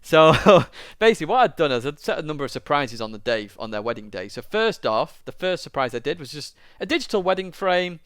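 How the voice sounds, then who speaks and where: A man's voice: a little high, very animated, a little fast, few pauses, a bit bright, no room sound, clean studio sound. A young man, a YouTuber, telling a long personal story to camera in a rambling, casual way. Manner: rambling, lots of fillers, tearing up at moments.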